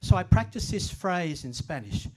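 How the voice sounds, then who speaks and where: A man's voice: high voice, very animated, normal speed, darkish tone. An older man giving a self-deprecating, humorous storytelling talk at a library event. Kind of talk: storytelling presentation.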